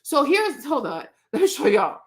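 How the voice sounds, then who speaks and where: A woman's voice: high voice, sing-song, normal speed. A woman hosting her own show, talking straight to her viewers in outspoken, indignant casual commentary. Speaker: host.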